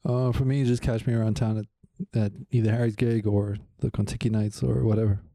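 Chill guy on a comedy podcast, warm mellow tone, laughs a lot, meanders through his jokes. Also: lowish voice, little pitch movement, fairly quick, gravelly, no room sound. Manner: easygoing, laughs readily, rambling storyteller. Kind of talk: casual comedy podcast banter.

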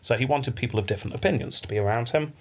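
A man's voice: mid-range voice, racing. A man hosting a podcast, telling a history story in a chatty way and laughing easily. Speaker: podcast host.

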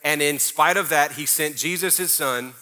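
A man's voice: on the high side, normal speed, bright, forceful tone. A middle-aged man preaching a sermon as pastor, emphatic and conversational, breaking into mocking little prayer impressions.

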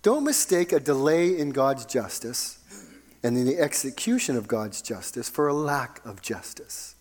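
A man preaching a sermon, calling his listeners loved ones and swinging between ringing emphasis and a hushed near-whisper. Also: medium pitch, big pitch swings, measured pace.

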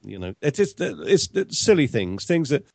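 A man's voice: medium pitch, very animated, moderate pace, a little mellow, no room sound. An English man in casual conversation as a guest, telling stories and laughing often. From England. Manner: chatty storyteller, laughs often. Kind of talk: casual chat.

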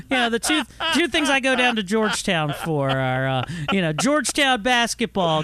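A man's voice: high voice, big pitch swings, moderate pace, few pauses, noisy background. A man co-hosting a podcast, chatting casually in a rambling, joking way with lots of fillers. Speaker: podcast co-host. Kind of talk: casual chat.

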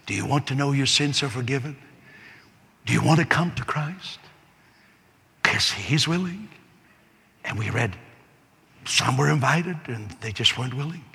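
A man's voice: mid-range voice, bright, forceful tone, husky. A man preaching a sermon as pastor, earnest and repetitive, building to a fervent prayer. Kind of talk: sermon with altar call. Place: large church hall. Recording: long echo of a large hall.

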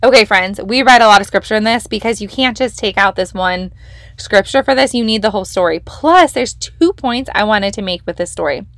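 A woman's voice: mid-range voice, fairly quick, fairly bright tone, no echo. Enthusiastic woman teaching scripture. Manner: enthusiastic, conversational, emphatic. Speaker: podcast host leading a devotional. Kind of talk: casual Bible teaching.

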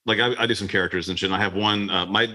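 A man's voice: on the low side, fairly even intonation, very fast, bright, forceful tone. A man hosting a podcast in loose casual chat, rambling, swearing freely and laughing a lot. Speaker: podcast host.

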